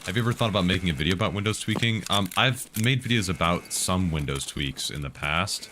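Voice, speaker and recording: A man's voice: low voice, expressive, a little fast, noisy background. A man casually streaming a game, chatting and answering viewers' tech questions while he plays. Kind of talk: casual live-stream commentary.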